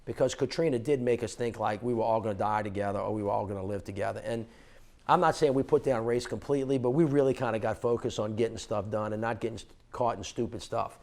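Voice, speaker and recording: Gravelly middle-aged man telling a story. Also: fairly low pitch, quick pace. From New Orleans. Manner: animated storyteller who acts out dialogue. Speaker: former mayor. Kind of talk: storytelling on stage. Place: stage conversation at an indoor fundraiser.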